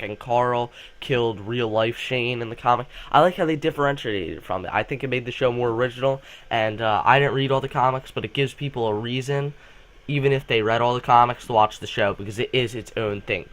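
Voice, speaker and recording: Young man rambling excitedly about a show. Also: mid-range voice. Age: student. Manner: rambling, excited, many fillers and restarts. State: coming down with a cold. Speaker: channel host. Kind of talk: casual fan vlog commentary.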